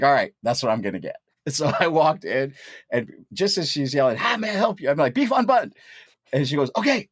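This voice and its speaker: A man's voice: on the low side, no echo, studio quality. A man, a physician guest on a podcast, telling stories animatedly and acting out the voices he quotes. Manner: animated storyteller who acts out quoted voices. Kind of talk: conversational interview, anecdotal storytelling.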